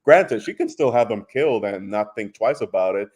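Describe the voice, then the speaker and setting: A man co-hosting a podcast, giving emphatic, animated opinions in casual discussion. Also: fairly low pitch, moderate pace. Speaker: podcast co-host.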